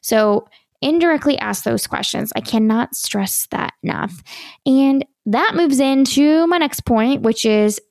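Woman host giving dating advice, emphatic and repetitive for stress, slightly high voice, dry close sound. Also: expressive, measured pace, creaky, darkish tone, no room sound. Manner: emphatic, repeats points for stress. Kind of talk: casual advice monologue.

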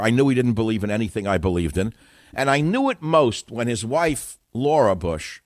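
A man's voice: medium pitch, no echo, clean studio sound. An older man hosting a call-in radio talk show, opinionated, emphatic and self-assured, combative in his monologues.

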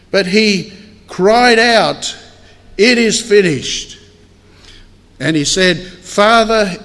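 A man preaching a sermon in a church hall, earnest and measured, with deliberate pauses. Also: sits high, fairly bright tone. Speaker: pastor. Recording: long hall reverb.

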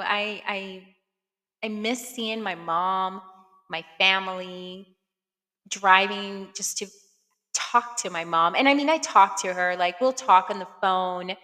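A woman in her thirties talks casually on her podcast, full of fillers and openly emotional. Her voice sits low for a woman but sounds bright and forward. A long reverb trails behind her words. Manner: chatty and warm-hearted, many fillers, emotional at times. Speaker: podcast host. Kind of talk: casual personal chat.

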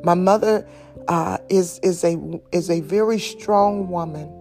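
A middle-aged woman sharing an emotional personal testimony, halting at times with soft laughs. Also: fairly low pitch. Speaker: speaker giving testimony. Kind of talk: slow, heartfelt personal testimony. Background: faint instrumental music.

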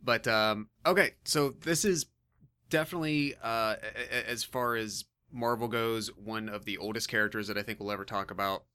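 A man with a lowish voice that still comes across bright and forceful. He explains history on a podcast in casual talk, stumbling through many "um"s and restarts as he finds his words. He talks at an even pace. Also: moderate pace, clean tone. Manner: hesitant, many fillers and restarts. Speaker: podcast co-host presenting comic history.

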